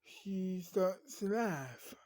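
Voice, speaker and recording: Slow, soft-spoken woman telling a story. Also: on the low side, animated, no room sound, poor audio. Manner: soft-spoken, drops into whispers, halting. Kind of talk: improvised storytelling narration.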